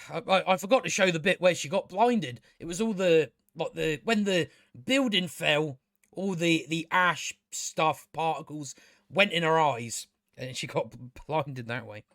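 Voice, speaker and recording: A man's voice: a little high, measured pace, fairly bright tone, no echo, clean studio sound. A man reviewing a TV episode in a casual, sarcastic and exasperated rant, swearing freely. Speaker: TV show reviewer.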